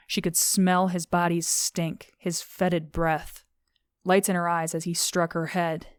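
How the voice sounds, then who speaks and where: Woman reading an audiobook, low and pretty flat, smooth voice, dry close mic. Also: no echo. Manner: steady, measured reading. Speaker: audiobook narrator. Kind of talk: scripted narration of a thriller novel.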